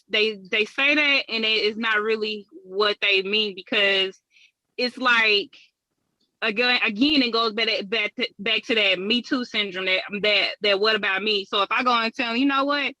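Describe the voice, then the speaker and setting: Woman co-host, relaxed conversational talker, dry close recording. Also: fairly high pitch, normal speed, no echo, poor audio. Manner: relaxed, conversational, trailing restarts. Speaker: podcast co-host. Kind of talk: casual chat.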